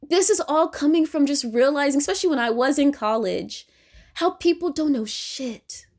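High-voiced woman ranting bluntly. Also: darkish tone. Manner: blunt, profane, confrontational. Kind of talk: political rant to camera.

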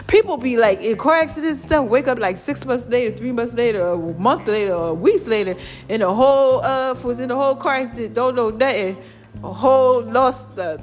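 Lively, preachy woman vlogger, higher voice. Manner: lively and preachy, calls viewers "child" and "y'all". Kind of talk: casual motivational talk to viewers.

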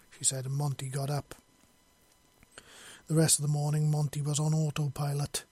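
A man narrating a fantasy story in a steady, measured read. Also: a little high, breathy edge, no room sound.

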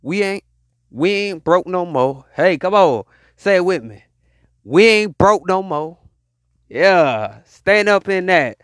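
Animated man preaching to his listeners. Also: high voice, no room sound, clean studio sound. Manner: call-and-response exhortation, drawn-out hype. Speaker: podcast host. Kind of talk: motivational preaching monologue.

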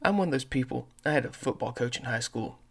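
A man's voice: medium pitch, animated, quick pace. A man hosting a podcast, telling rambling stories in a casual, profane monologue. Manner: says he has a terrible accent and mispronounces words. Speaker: podcast host.

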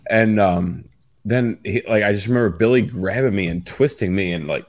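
A man's voice: on the low side, normal speed. A man casually telling a funny story, laughing often and cursing freely.

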